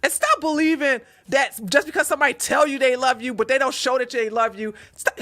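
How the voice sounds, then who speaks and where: A woman's voice: high voice, fairly even intonation, brisk, hardly any pauses, a bit bright. A woman hosting a relationship advice livestream, reading out a viewer's question and answering bluntly with sassy, mocking remarks.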